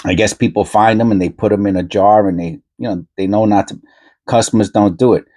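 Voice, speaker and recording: A man with a fairly low voice talks off the cuff as he hunts through coins. He rambles, repeats words and corrects himself on the fly, and he breaks into excited asides now and then. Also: fairly quick. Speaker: coin roll hunting channel host. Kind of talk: casual chat while searching coins.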